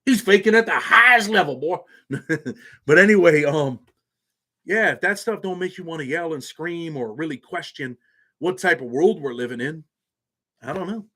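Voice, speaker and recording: A man's voice: a little high, normal speed, a bit bright. A man hosting a casual livestream, talking bluntly in street slang. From New York. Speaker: channel host.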